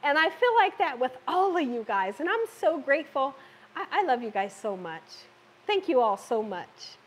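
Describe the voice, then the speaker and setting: A woman's voice: high-pitched, big pitch swings, normal speed. A woman hosting a live cooking stream from her home kitchen, chatting with viewers and laughing often. She is getting over an illness. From Southern United States. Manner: chatty, talks to viewers and reads comments. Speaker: cooking show host.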